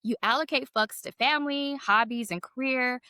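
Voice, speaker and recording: A woman's voice: sits high, normal speed, pushed and bright, clear, resonant tone, dry recording. A woman co-hosting a podcast in casual chat, candid and laughing often, cussing freely. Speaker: podcast co-host.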